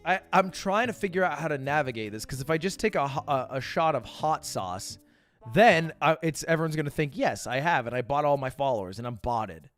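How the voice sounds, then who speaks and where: A man's voice: fairly high pitch, expressive, a little fast, fairly bright tone, soft background music. A man streaming live, answering viewer questions in loose, profane chat full of stammered restarts.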